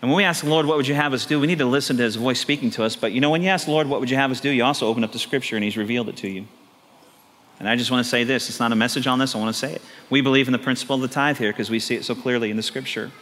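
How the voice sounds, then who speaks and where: A middle-aged man preaching a sermon as pastor, telling lively stories with animated acted quotes. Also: mid-range voice, rapid-fire. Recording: long hall reverb.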